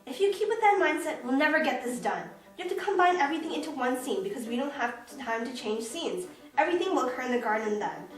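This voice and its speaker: A woman's voice: sits high, lively intonation. Woman playing an impatient theater manager. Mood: exasperated. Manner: brisk, exasperated. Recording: very echoey room, far mic, faint music.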